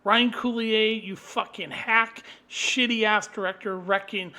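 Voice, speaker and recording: High, sharp-voiced man ranting hard. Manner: profane, combative, swings into loud outbursts. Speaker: vlogger. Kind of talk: angry solo rant to camera.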